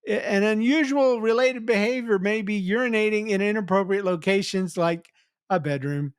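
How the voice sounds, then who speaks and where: A man's voice: sits high, moderate pace, clear, resonant tone, dry recording, studio quality. A man hosting a podcast, chatty and teasing in casual comedic talk. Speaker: podcast host.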